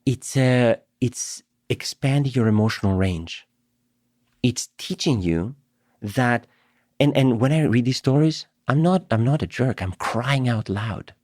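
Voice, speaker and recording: A man's voice: medium pitch, expressive, unhurried, a little mellow, dry recording, clean studio sound. A middle-aged man from Greece, a professor guest on a podcast, telling stories animatedly, laughing often and repeating words as he starts. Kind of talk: conversational podcast interview.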